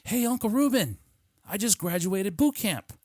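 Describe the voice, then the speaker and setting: A man voicing his young niece, an eager new recruit, in a high, chirpy voice. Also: animated, normal speed, a little mellow, dry recording, clean studio sound.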